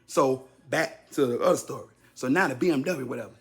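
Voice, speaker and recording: A man in his fifties telling a personal story casually to his listeners, repeating himself for effect and jumping high and loud whenever he acts out what someone said. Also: brisk, soft background music. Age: 50s. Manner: animated, leaps high and loud when acting out quotes; talks straight to the audience, repeating himself.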